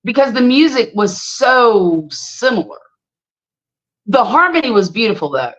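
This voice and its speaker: A middle-aged woman, hosting a casual livestream and chatting with viewers as an animated storyteller. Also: a little high, measured pace. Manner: animated storyteller, exclaims freely. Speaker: livestream host. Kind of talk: casual livestream chat, reading viewer comments. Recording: slightly dull lo-fi stream audio.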